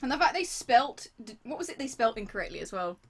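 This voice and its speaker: A woman's voice: a little high, sing-song, fast talker, slightly rough. A woman hosting a live stream, chatting casually and teasing her guest, giggling often. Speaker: streamer host. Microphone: desk mic.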